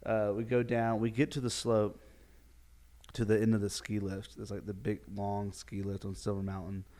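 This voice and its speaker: A man's voice: fairly low pitch, little pitch movement, normal speed, mellow. A man, a youth minister hosting a podcast, tells a story casually and animatedly, with frequent chuckles and fillers.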